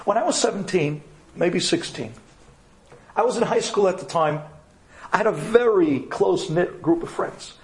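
A middle-aged man from New York telling a personal story to an audience of women in a dramatic, expressive way, acting out the dialogue. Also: moderate pace, a little hiss or hum. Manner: dramatic and expressive, jumps up in pitch for emphasis, acts out dialogue. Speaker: speaker addressing an audience of women.

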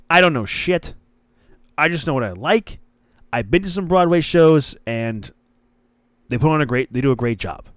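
A man's voice: mid-range voice, clear, resonant tone, no echo. Rambling man hosting a wrestling podcast. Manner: rambling, stumbles and restarts, mimics wrestlers' lines. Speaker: podcast host. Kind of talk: casual wrestling podcast commentary.

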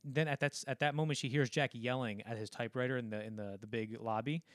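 A man on a podcast walking through film scenes at length, rambling and slipping into quick impressions of the characters. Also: mid-range voice, steady tone, no echo, studio quality. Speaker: podcast co-host. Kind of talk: casual film discussion.

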